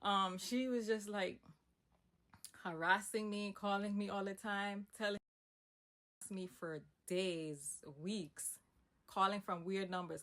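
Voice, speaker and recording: A young woman telling a personal story in a casual, emphatic storytime monologue with asides. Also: mid-range voice. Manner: animated, emphatic retelling with asides.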